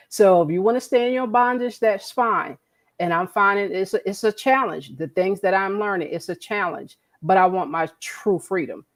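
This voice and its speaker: A woman with a mid-range voice talks at a moderate pace as a podcast co-host in casual conversation. She's earnest, even preachy, and repeats words while making her point.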